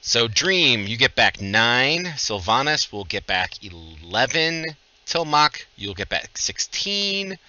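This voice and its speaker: A man running a livestreamed tabletop game as game master, casual and joking as he gives quick instructions over voice chat. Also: medium pitch, big pitch swings, sharp tone, no room sound, muffled recording.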